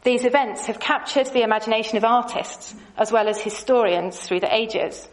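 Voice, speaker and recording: A woman giving a measured, clearly explained Bible lesson, with a few light asides to her audience. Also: on the high side, poor audio. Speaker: Bible teacher. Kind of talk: scripted lesson with slides.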